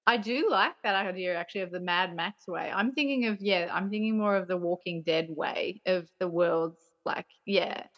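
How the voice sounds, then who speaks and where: A woman's voice: fairly low pitch, normal speed, few pauses. Woman guest gushing about movies, kinda trails off, audio a bit muffled and lo-fi. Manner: enthusiastic, trailing, fills with "you know". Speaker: podcast guest. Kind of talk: casual chat. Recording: slightly dull lo-fi audio.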